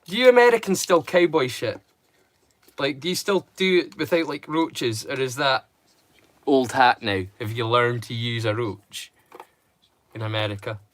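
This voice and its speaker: A man's voice: mid-range voice, measured pace. A man from Europe, hosting a live watch-along stream and rambling casually to his viewers. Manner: rambling and chatty.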